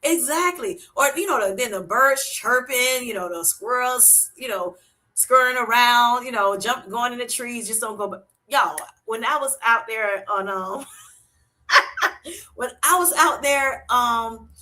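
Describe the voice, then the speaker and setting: Woman livestream host, bright clear voice, pitched a little high, casual chat, animated storyteller, calls people honey and sweetheart. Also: measured pace, a little hiss or hum. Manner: animated storytelling, laughs often; uses Southern-style endearments like honey and sweetheart.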